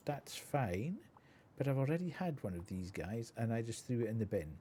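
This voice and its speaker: A man's voice: medium pitch, very animated, normal speed, mellow, a little hiss or hum. A Scottish man streaming a horror game live, reacting with frequent laughs and startled exclamations.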